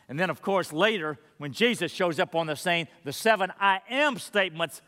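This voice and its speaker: A male pastor preaching a sermon in a high, bright, forceful voice. He is earnest and emphatic, shifting into patient teaching asides. The sound carries a long church-hall reverb. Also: animated, moderate pace, few pauses. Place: church sanctuary.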